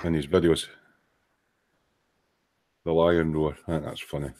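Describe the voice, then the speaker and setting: Sanding away at an indoor hobby workbench, a Scottish man runs a relaxed live stream full of banter, swearing, and dry humor. His rumbling low voice is a little mellow, unhurried, and flat in delivery.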